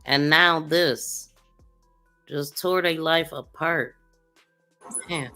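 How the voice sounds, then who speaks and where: Bright, blunt crime podcast host with music underneath. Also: medium pitch, fairly even intonation, drawn-out words. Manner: casual, blunt, talks to the audience. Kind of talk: commentary on body cam footage.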